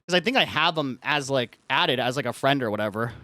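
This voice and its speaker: A man's voice: medium pitch, expressive, fairly quick, bright, forceful tone, dry recording. A man streaming live, telling a story in casual chat, rambling and filling his talk with "like" as he rants. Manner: rambling, says "like" constantly; frustrated ranting.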